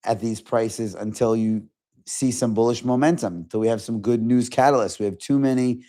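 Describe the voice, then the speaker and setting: A man hosting a casual stock trading livestream, talking in a fast conversational way with lots of fillers and restarts. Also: medium pitch, mellow. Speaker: stock market livestream host.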